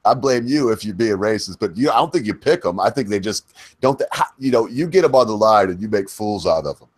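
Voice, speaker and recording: A man's voice: lowish voice, lively intonation, a little fast, no room sound. A middle-aged man hosting a chat show, asking meandering questions and drifting into rants. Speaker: host. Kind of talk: casual chat.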